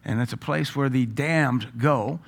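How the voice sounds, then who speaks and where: A middle-aged man preaching a sermon through a story, his voice gravelly and full of fry. He tells it with animation and now and then acts out the people he quotes. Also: mid-range voice, unhurried.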